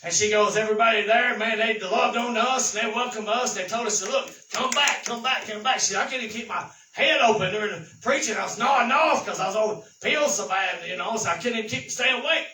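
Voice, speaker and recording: A man preaching a sermon, telling folksy stories and building to shouted exhortation. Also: high voice, a little fast, few pauses, reverberant, recorded from a distance, slight background noise, rough recording. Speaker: pastor.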